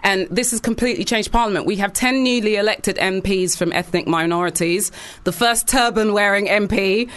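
Earnest commentator, animated talk. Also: medium pitch, clean tone. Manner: earnest, fast and animated, with frequent fillers and restarts. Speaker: political commentator. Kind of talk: casual political chat.

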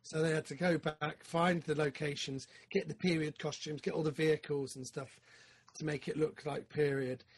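A man co-hosting a podcast, chatting casually about films, excitable and rambling with lots of fillers. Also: fairly high pitch, moderate pace, breathy edge. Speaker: podcast co-host. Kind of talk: casual film chat.

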